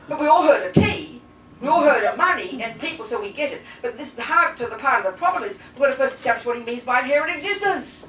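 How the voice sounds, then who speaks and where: A woman with a fairly high voice gives a live Buddhist class, blunt and animated, constantly asking her listeners rhetorical questions. She is picked up by a mic some way off, so her voice echoes around the room. A faint hiss runs underneath. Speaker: Buddhist nun teacher. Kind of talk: live dharma teaching to a class. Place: teaching room with audience. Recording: roomy echo, distant mic, faint hiss.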